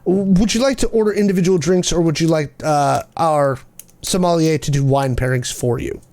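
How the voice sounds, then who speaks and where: A man's voice: a little high, moderate pace, a little mellow, close to an everyday voice. A man doing a courteous maître d'. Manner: courteous, formal. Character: polite, formal male restaurant maître d'.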